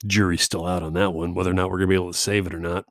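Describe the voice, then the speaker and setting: A man hosting a podcast, telling a story in a casual, profane, animated way and laughing often. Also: low voice, very fast, no echo, clean studio sound. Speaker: podcast host.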